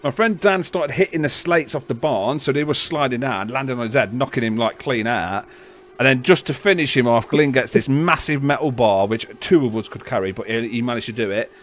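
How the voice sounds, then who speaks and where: A man's voice: medium pitch, expressive, fairly quick, slight background noise. Laughing, rambling man telling stories. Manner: rambling, laughing, swearing storyteller. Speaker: podcast co-host. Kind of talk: casual storytelling chat.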